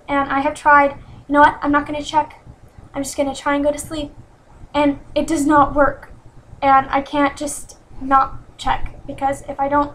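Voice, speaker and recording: High, steady-voiced young woman confiding. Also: low-quality recording. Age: 20s. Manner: earnest and self-critical, many ums and restarts. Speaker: vlogger. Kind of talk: personal confessional vlog.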